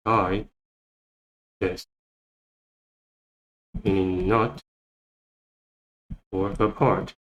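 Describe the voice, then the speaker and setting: A man teaching English vocabulary, repeating each word and phrase slowly as he explains. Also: low voice, level tone, a bit bright, muffled recording. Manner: repeats words many times, thinking aloud. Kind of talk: slow, repetitive vocabulary lesson.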